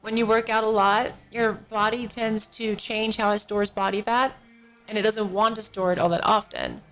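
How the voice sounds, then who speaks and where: A woman's voice: medium pitch, level tone, moderate pace, fairly bright tone. A drowsy woman streams from her home desk and rambles through casual chat, yawning and a little out of it. She talks into a good desk microphone, with faint music drifting in from somewhere nearby. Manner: rambling, slightly out of it. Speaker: live streamer. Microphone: professional-grade desk microphone. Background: faint music from a neighbor.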